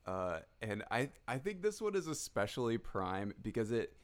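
A man co-hosting a podcast in casual chat, rambling with lots of restarts and quick laughs. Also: mid-range voice, very animated. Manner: rambling, many fillers and restarts, laughs a lot. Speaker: podcast co-host.

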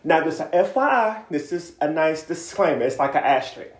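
A woman's voice: deep voice, expressive, brisk, reverberant. A woman co-hosting a podcast, ranting bluntly and sarcastically with plenty of swearing. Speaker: podcast co-host. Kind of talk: casual profane rant.

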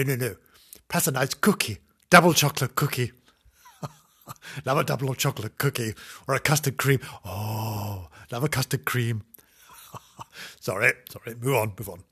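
Camp man reading a storybook slowly. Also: medium pitch, a bit bright, slightly rough. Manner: camp, theatrical, wandering asides. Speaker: comic reader. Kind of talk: mock children's story reading.

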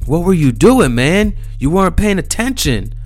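A man's voice: on the high side, big pitch swings, moderate pace, soft background music, voice pushed up. A man voicing a blunt, dismissive middle-aged driver who fires accusing questions.

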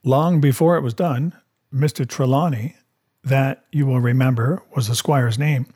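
Husky-voiced male storybook narrator. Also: mid-range voice, measured pace, darkish tone. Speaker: audiobook narrator. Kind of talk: scripted narration.

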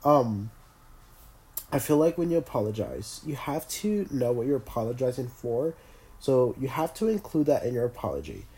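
A man's voice: medium pitch, sing-song, fairly quick, dark tone, roomy sound, poor audio. A young man hosting his podcast while sick with a cold, so his voice is nasal. He rambles in a casual solo chat, full of fillers and restarts. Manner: rambling, filler-heavy, self-interrupting. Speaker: podcast host. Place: in bed at home.

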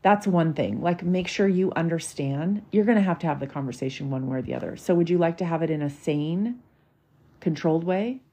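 A woman's voice: low voice, a little fast, mellow, breathy edge. A woman, hosting a podcast and telling a personal story in a candid, emotional, chatty way. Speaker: podcast host. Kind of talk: casual storytelling monologue.

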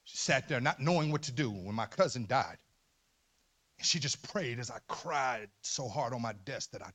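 A man preaching a sermon as pastor in a church, emphatic, dropping to low murmurs and rising to loud shouts. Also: animated, moderate pace. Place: church sanctuary.

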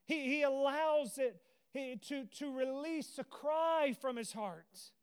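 High-voiced, earnest male preacher. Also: slow, hardly any pauses. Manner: impassioned, earnest preaching with rising emotional cries. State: teary. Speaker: pastor. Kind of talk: sermon.

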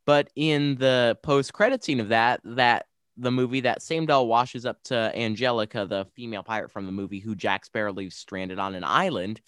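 A man's voice: medium pitch, moderate pace, few pauses, a bit bright, smooth, no room sound, studio quality. A young man co-hosting a casual podcast, talking enthusiastically and rambling with frequent restarts. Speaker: podcast co-host. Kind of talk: casual podcast chat about games.

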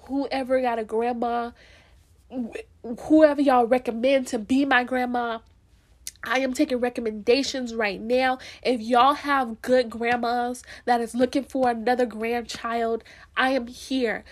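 Young woman, high voice, vlog to camera, earnest, emphatic, repeats herself, laughs easily. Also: steady tone, measured pace. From Florida, USA. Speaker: vlogger. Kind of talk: casual heartfelt monologue to camera.

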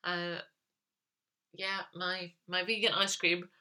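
A woman's voice: on the low side, flat delivery, slow, sharp tone. A woman hosting a solo lifestyle podcast, chatting casually and rambling with frequent ums. She sounds tired and keeps yawning. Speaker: lifestyle coach podcast host.

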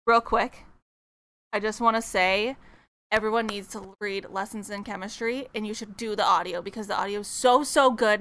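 A young woman co-hosting a podcast, chatting casually and excitedly about books she has read. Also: medium pitch, smooth. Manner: bubbly, chatty, quick laughs. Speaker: podcast co-host. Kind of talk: casual book chat.

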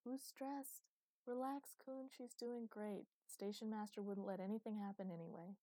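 A woman voicing a relaxed, gentle man who pilots a small ship and reassures his partner, in a storybook reading. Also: medium pitch, normal speed, no echo, pitched above the performer's own voice, lightly acted. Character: easygoing, gentle male ship pilot and father.

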